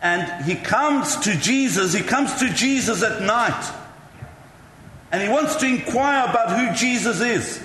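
High-voiced male preacher in an echoey hall. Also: lively intonation, unhurried, pushed and bright, a little hiss or hum. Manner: chatty, self-mocking storytelling. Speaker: pastor. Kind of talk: sermon. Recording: echoey hall with faint ambience.

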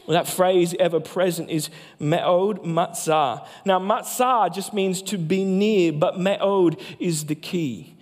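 A man, a pastor, preaching a sermon with emphatic delivery that slows down for key phrases. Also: high-pitched. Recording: long hall reverb.

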